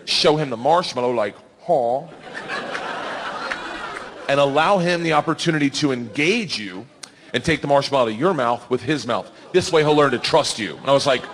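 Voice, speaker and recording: A man in his thirties telling a wild story in stand-up comedy, loud and animated, yelling the big moments and laughing through his lines. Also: medium pitch, fairly quick, crowd noise, noisy background. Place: comedy club stage before a laughing audience. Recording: live hall reverb, faint ambience.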